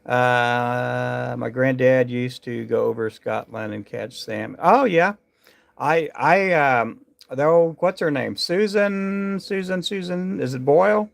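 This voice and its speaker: A man's voice: medium pitch, takes it slowly, creaky. A man hosting a casual live stream while tying fishing jigs, chatting loosely with viewers in a rambling way full of fillers and restarts.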